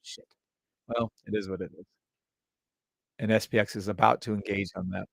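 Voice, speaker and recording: Gravelly man humming through live chart calls. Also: fairly low pitch, steady tone, normal speed, no room sound. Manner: hums la-da-da tunes while reading charts; chatty, addresses viewers directly. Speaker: live trading host. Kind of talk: live trading commentary.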